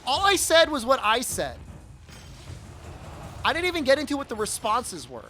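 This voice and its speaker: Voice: sits high, wildly swooping pitch, normal speed, bright, forceful tone, a little hiss or hum. A game streamer chatting casually on a live stream, ranting in a mock-angry way and laughing often.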